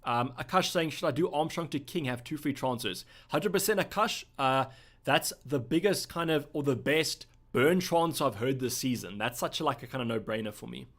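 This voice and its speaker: A man's voice: mid-range voice, moderate pace. A young man from South Africa hosting a live stream, chatting casually as he reads out viewer questions and thinks aloud. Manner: relaxed, thinking aloud with fillers. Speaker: livestream host.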